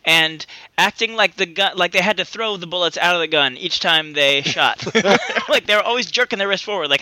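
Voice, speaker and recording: A man's voice: high voice, a little fast, bright, forceful tone, dry recording. A man in casual podcast chat, joking and tossing in wry asides. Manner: jokey, tosses in wry quips.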